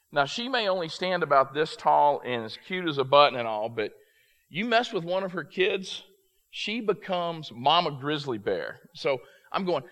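A man preaching in an animated, storytelling way, often doubling back on his words. His voice sits fairly high for a man. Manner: animated storyteller with repeated restarts. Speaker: youth ministry speaker. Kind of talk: storytelling sermon.

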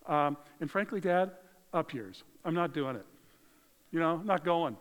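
A man voicing a grown son who bluntly refuses his father, talking loudly and dismissively, in a reverberant hall. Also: fairly high pitch, a little fast, natural voice. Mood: defiant. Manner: blunt, dismissive, rising to shouts.

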